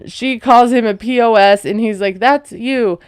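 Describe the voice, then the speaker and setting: A woman with a smooth, clear voice recaps a reality show in a chatty, opinionated way. She laughs often while she talks, and the sound is close and dry. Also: fairly high pitch, fairly even intonation, moderate pace, no room sound. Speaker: recap vlogger. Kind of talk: casual recap commentary.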